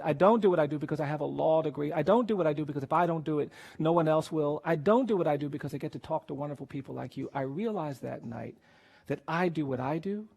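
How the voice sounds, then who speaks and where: A man, a lawyer, telling a personal story in an emotional public speech, earnest and grave, often dropping to a quiet intensity. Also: a little high, vocal fry.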